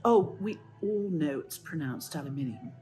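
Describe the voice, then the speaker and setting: A woman's voice: deep voice, animated, normal speed, over loud music. A woman shop owner putting on a polished, gracious British accent as a prim shopkeeper. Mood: genteel. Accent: put-on British.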